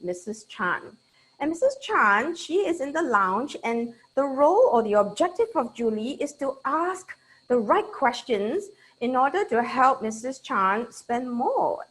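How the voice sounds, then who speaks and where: A Singaporean woman leading a lively online training webinar, chatty and checking in with her audience. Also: fairly high pitch, low-quality recording.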